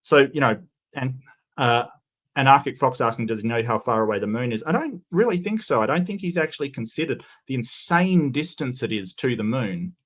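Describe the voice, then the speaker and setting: A man hosting casual commentary on a video clip, talking in an incredulous way that jumps up in pitch when he objects. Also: expressive, brisk. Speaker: commentary host reacting to a clip.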